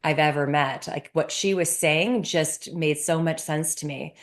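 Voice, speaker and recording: A middle-aged woman from Canada answers interview questions with the energy of a storyteller. Her voice sits low, and she breaks into laughter as she talks. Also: measured pace. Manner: animated storyteller, laughs often. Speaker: guest, sports psychologist.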